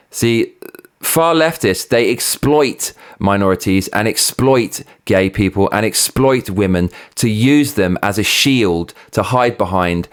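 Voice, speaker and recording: A man's voice: fairly low pitch, a little slow, clear, resonant tone. A man hosting his own show, ranting heatedly with plenty of swearing and sarcastic mockery. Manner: sarcastic, mocking. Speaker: host. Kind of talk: opinion rant.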